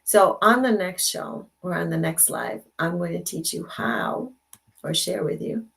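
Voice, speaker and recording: An older woman hosts a live stream from her computer, with a gravelly edge on her voice. She chats casually and affirms her viewers, often repeating her phrases. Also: on the low side, sing-song, measured pace, a bit bright. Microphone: computer mic.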